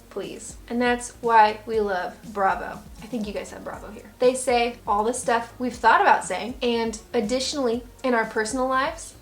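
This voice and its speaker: Sarcastic, playful American woman vlogger. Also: fairly high pitch. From United States. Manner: sarcastic, playful, mock-serious. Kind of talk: comedic vlog monologue.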